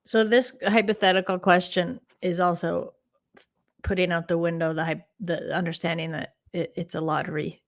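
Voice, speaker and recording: Woman, podcast guest, chatty, self-deprecating, a bit low-pitched. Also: flat delivery, normal speed. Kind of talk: casual sports podcast chat.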